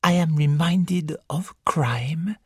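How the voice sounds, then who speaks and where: An audiobook reader voicing a fussy older male detective who muses to himself in a soft, half-whispered, slow voice, raised above the reader's own pitch. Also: husky, no room sound, clean studio sound. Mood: musing.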